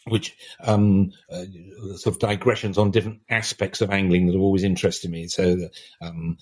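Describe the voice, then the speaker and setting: A man's voice: low-pitched, little pitch movement, normal speed, darkish tone. An older man, a writer guest on a podcast, talking in a reflective, discursive way with many restarts. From England. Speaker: author guest.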